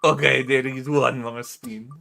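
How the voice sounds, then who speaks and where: Male streamer, casual chat, playful and giggly, bright tone, unhurried delivery. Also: medium pitch, fairly even intonation, gravelly, slight background noise.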